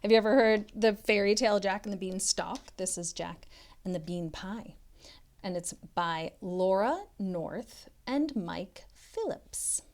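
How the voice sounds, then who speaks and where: A woman tutoring literacy, reading a storybook aloud to children in an expressive way, now and then dropping to a soft whisper. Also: mid-range voice, measured pace.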